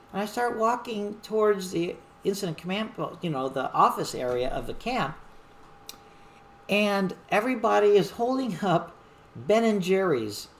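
A middle-aged woman, a wildland fire supervisor, telling a story from a fire camp in a lively, animated way. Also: lowish voice. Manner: animated storyteller who acts out shouted quotes. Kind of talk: storytelling monologue.

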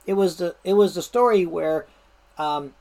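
A woman's voice: on the low side, moderate pace. A middle-aged woman who spent her career in the fire service tells old stories in a loose, chatty way. She sounds amused, breaking into laughter and restarting her sentences often. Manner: lively and amused, laughs while telling, many restarts. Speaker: retired fire service manager telling stories. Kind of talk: casual anecdotal storytelling.

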